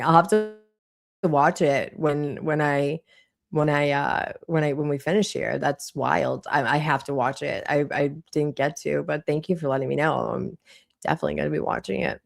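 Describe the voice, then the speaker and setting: A woman's voice: sits low, level tone, normal speed, creaky. A woman in her thirties with a Boston accent, hosting a casual livestream and chatting with viewers as she reads the chat. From Boston area, US. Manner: chatty, reads chat aloud, frequent restarts. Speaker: livestream host.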